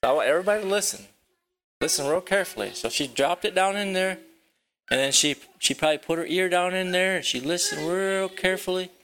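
A man teaching a children's Bible lesson at a rural property with a barn. He tells the story haltingly, repeats his words and asks the children questions. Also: high voice, bright, forceful tone, a little hiss or hum, poor audio.

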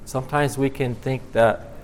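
A man preaching a sermon in a halting way, repeating words and then swelling with emphasis. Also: mid-range voice, fairly even intonation, a little hiss or hum.

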